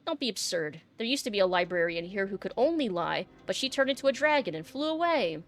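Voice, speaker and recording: A woman's voice: medium pitch, big pitch swings, fairly quick, close to an everyday voice. A woman voicing a prim, cagey middle-aged librarian in a game, sweetly polite and calling people dearie. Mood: guarded. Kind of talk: reading game dialogue aloud.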